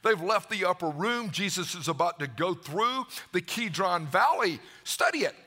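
A man's voice: high-pitched, lively intonation, normal speed, pushed and bright. A man preaching a sermon in a fervent way, often stumbling into repeated restarts as he builds up.

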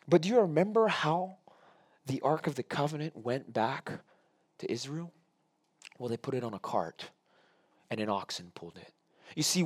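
Preaching man with big dynamic swings. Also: fairly high pitch. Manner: preaching with swings from loud emphasis to quiet asides. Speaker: pastor. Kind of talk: sermon.

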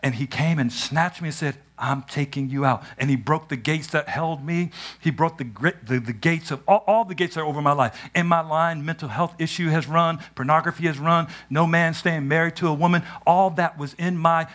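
A man preaching a sermon in a church, animated, acting out scenes and shouting at the peaks. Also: on the high side, fairly quick, few pauses. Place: church sanctuary.

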